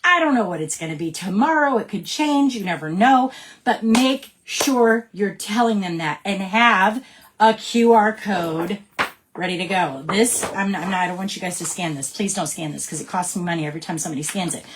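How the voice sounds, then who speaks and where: Woman who leads a sales team. Mid-pitched, bubbly, casual pep-talk delivery. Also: normal speed, background noise. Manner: upbeat and chatty, keeps checking in with "right?". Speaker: direct sales team leader.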